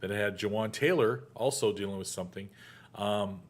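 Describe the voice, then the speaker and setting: A middle-aged man hosting a casual show, chatty and quick to joke. His voice sits fairly low, and he laughs often between points. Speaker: show host. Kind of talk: casual chat.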